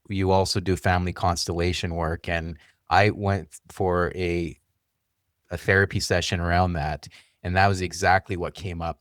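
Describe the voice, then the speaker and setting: A man hosting an interview podcast, soft-spoken and affirming, sharing his own experience and asking follow-up questions. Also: low-pitched, no echo, studio quality. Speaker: podcast host. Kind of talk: conversational interview.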